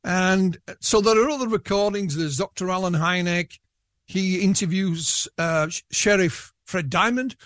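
Yorkshire-accented male guest, fairly high, rambling and dry. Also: unhurried, fairly bright tone, no room sound. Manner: rambling, with many restarts. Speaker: guest researcher. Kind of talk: casual interview chat.

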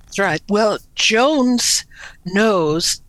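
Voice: medium pitch, lively intonation, very slow, fairly bright tone, no echo, poor audio. An author in an interview, telling a true story vividly and acting out the quoted lines.

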